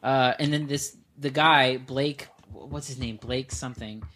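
A man co-hosting a movie podcast in casual chat, animated and laughing often as he pans a bad film. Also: mid-range voice, a little slow, a little hiss or hum. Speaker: podcast co-host, film critic.

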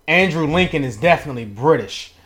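A man's voice: fairly high pitch, expressive, fairly quick, crowd noise. A man hosting a casual podcast, teasing his co-host and rambling in loose, easygoing sentences. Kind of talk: casual wrestling talk.

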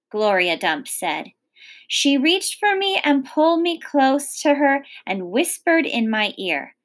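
A woman teacher reading a children's novel aloud in an expressive storybook manner. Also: medium pitch, unhurried.

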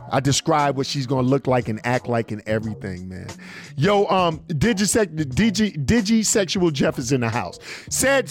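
Male internet radio host, higher voice, very lively delivery, slangy banter, light music bed. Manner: animated, reads listener messages aloud with slang. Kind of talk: casual radio show banter.

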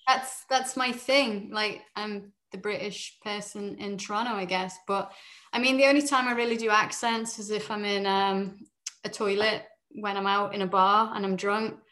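A woman in her forties talks in a relaxed, candid way. She chats freely and laughs easily. Her voice sits at a middle pitch. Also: moderate pace. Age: 40s. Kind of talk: casual chat.

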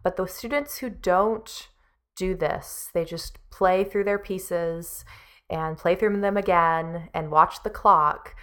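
A woman's voice: fairly low pitch, slow pace, fairly bright tone, smooth. A woman music teacher giving an earnest, encouraging practice lesson, with frequent fillers. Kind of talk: spoken practice lesson to camera.

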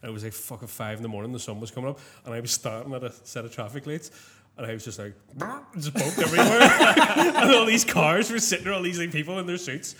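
A man's voice: fairly high pitch, lively intonation, fast talker, bright, forceful tone. A young man with a Northern Irish accent telling a sweary, laugh-filled story in casual chat. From Northern Ireland. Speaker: touring musician guest.

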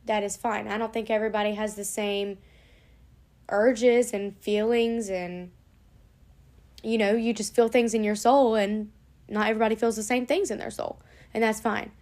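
A woman's voice: mid-range voice, fairly even intonation, normal speed, darkish tone. A young woman vlogging in a casual, rambling way, swearing now and then as she chats. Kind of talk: casual chat to camera.

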